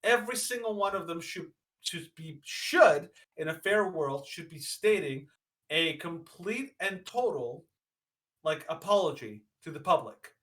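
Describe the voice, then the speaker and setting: A man's voice: fairly high pitch, expressive, a little slow, a bit bright, poor audio. A man co-hosting a podcast, ranting emphatically with indignation and lots of fillers. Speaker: podcast co-host. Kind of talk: opinionated podcast rant.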